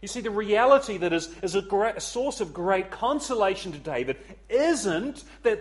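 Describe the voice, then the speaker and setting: Man, preacher, evening sermon, earnest, pleading, fairly high voice, loud swells and hushed drops. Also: very animated, normal speed. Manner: swells loud then drops to a near hush for emphasis; earnest, pleading, repeats words as he searches.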